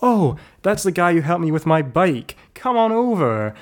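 Guy doing a high chirpy posh student lad, hammy jokey accent. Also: very animated, normal speed. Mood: gushing. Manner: exaggerated, jokey put-on accent. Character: posh young male student, breezy and chummy.

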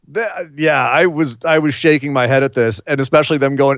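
A man hosting a casual podcast chat, animated and sarcastic. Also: on the high side, brisk, no echo. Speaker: podcast host. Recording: slightly dull lo-fi sound.

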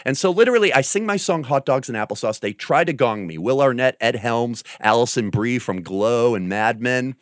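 A man from New England tells a long story in a loose, profane and animated way, with his pitch swinging up and down. He often slips into loud impressions. The sound is dry and close. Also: normal speed, hardly any pauses, dry recording. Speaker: guest. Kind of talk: casual storytelling.

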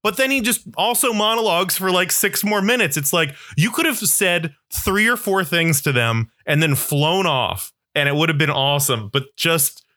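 A man co-hosting a podcast in casual chat, argumentative and quick to laugh. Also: fairly high pitch, expressive, sharp tone. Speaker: podcast co-host.

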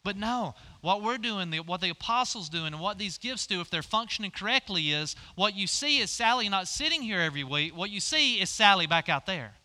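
A man's voice: sits high, pushed and bright. A middle-aged male pastor preaching a folksy sermon, directing volunteers through a live demonstration on stage.

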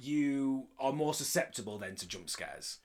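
A man breaks down a horror film in casual podcast chat. He sounds animated and enthusiastic, with casual swearing. His voice sits at a middle pitch. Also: measured pace. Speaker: podcast co-host.

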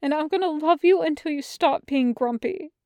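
A woman voicing a sweet, soft-hearted young man who gushes and tears up easily, slipping into breathy whispers. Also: high-pitched, normal speed, no echo, studio quality, voice pushed up. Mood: gushing.

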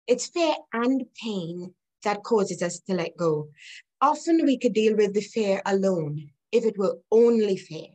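Unhurried and lively in intonation, a middle-aged woman recounts personal stories as an interview guest, earnest and reflective, with occasional light laughter. Her medium-pitched voice is slightly mellow, though the recording quality is low.

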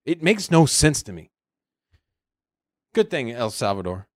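A man co-hosting a podcast in casual chat, animated and acting out other people's lines as he tells a story. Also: mid-range voice, measured pace, no echo, clean studio sound. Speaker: podcast co-host.

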